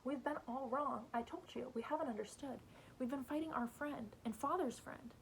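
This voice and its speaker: A woman reading aloud as a small boy spoken through by an alien, bland, calm and reasonable. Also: high voice, normal speed, gravelly, slight background noise, rough recording. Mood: eerie calm.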